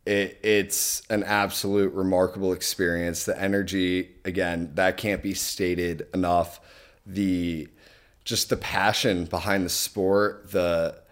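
Young American male co-host, very low voice, sincere and halting. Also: little pitch movement. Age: young adult. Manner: earnest, grateful, with halting restarts. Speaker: podcast co-host. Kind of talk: casual chat.

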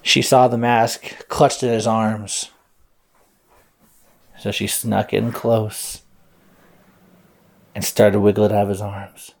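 A man's voice: fairly low pitch, level tone, slow, creaky, pauses often. A man improvising a bedtime story aloud, playful, with silly sound effects.

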